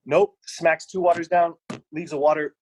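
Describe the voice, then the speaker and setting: A man's voice: mid-range voice, moderate pace, slight background noise, poor audio. A young man on a podcast, rambling through a personal story and acting out what people said. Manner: rambling, animated anecdote with voiced quotes. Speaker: podcast co-host. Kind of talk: casual storytelling.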